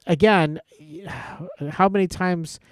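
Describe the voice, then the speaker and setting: A man's voice: high voice, extremely slow, no room sound, clean studio sound. A man in his fifties from the American Midwest, co-hosting a podcast in a casual, agreeable way. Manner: agreeable, lots of yeahs. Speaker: podcast co-host. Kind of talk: casual chat.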